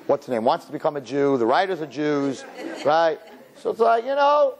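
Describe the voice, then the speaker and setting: A middle-aged man, a rabbi, preaching a sermon in an animated, storytelling way, laughing and quoting himself. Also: a little high, normal speed.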